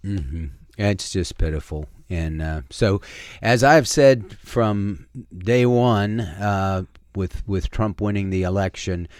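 This deep-voiced, middle-aged man speaks slowly and a little mellowly as he hosts a talk radio show from a radio studio in the role of a pastor. His casual, preachy talk is earnest and folksy, full of filler words, captured in studio quality with no room sound.

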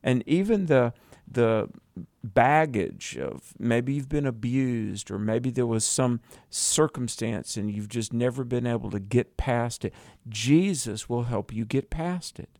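A man co-hosting a radio Bible teaching show, speaking earnestly and slowing down to stress his points. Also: mid-range voice, animated, gravelly, darkish tone, no room sound, clean studio sound. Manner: earnest, exhorting, slows for emphasis.

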